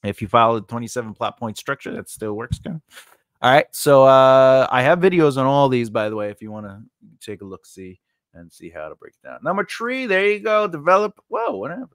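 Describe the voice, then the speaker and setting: A man's voice: medium pitch, lively intonation, fairly quick, clear, resonant tone, dry recording, studio quality. A man hosting a screenwriting channel, talking casually through his writing steps with asides and filler words. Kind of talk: casual teaching monologue.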